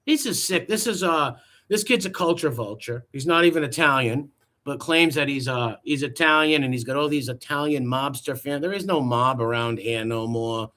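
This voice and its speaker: Mocking, bright-voiced man. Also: fairly high pitch, animated, normal speed. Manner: mocking, profane, incredulous. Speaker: commentary host. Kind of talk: reaction commentary.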